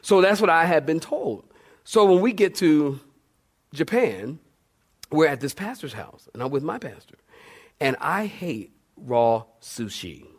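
Animated man preaching a sermon. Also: on the high side, normal speed. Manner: animated storyteller, repeats phrases, asks the congregation questions. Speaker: pastor. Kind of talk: sermon with a humorous personal story.

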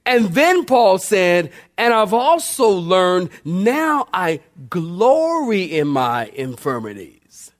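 Very animated yet slow, this pastor preaches with few pauses and sweeping swings in pitch. He builds his sermon through repetition and invites the congregation to answer in call-and-response.

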